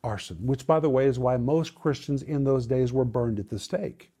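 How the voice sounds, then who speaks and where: A man preaching a sermon, addressing listeners as his friends with dramatic swings in pitch. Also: normal speed, mellow, slightly rough.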